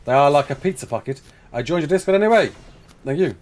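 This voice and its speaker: A man's voice: fairly high pitch, expressive, fast talker, darkish tone. A young man live-streaming a building game, chatting casually, reading out chat messages and talking himself through each step.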